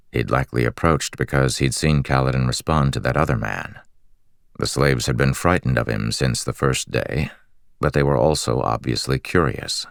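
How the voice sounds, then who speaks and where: A man reading a fantasy audiobook in a measured, steady storytelling manner on a close studio mic. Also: rumbling low, creaky, no echo. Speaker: audiobook narrator. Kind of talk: scripted fantasy narration.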